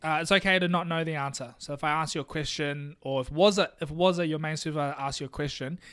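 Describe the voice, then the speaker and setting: A man hosting a podcast, giving relaxed, slangy advice in casual chat. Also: on the high side, fast talker, clean tone. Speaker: podcast host.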